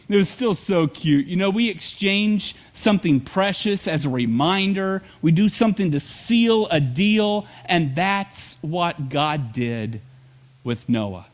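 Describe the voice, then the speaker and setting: A middle-aged man delivering a sermon from the pulpit, slightly high-pitched and animated. He tells his stories with relish and slips into little voices for the people in them. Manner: animated storyteller, acts out quotes. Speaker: pastor. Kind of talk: sermon with storytelling.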